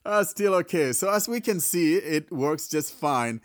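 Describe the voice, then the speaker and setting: A man's voice: fairly high pitch, a little slow, hardly any pauses. Chatty man demoing a phone. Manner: relaxed, chatty, laughs at mishaps. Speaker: host recording a tech demo. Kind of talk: casual spoken tech demonstration.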